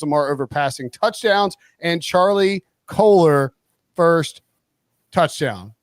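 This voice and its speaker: A man hosting a live sports betting stream, talking in a rambling, animated way and often cutting himself off. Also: fairly high pitch, no echo, studio quality. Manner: rambling, animated, self-interrupting. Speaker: host.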